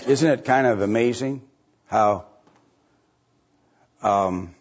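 A middle-aged pastor preaches conversationally at a slow pace, asking rhetorical questions and jumping up in pitch to stress points. The audio is dull, with slight background noise.

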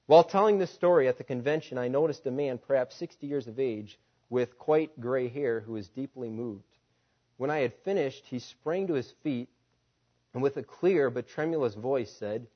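A man's voice: mid-range voice, expressive, normal speed, highs cut off. Man preaching a dramatic sermon story. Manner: dramatic storytelling with rhetorical questions. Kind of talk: sermon, reading a story aloud.

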